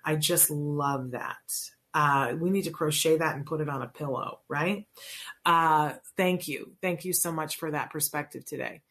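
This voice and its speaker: A woman's voice: sits low, fairly bright tone. A middle-aged woman hosting a talk show, chatting earnestly with lots of fillers and restarts as she reads listener messages. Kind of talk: casual talk show monologue.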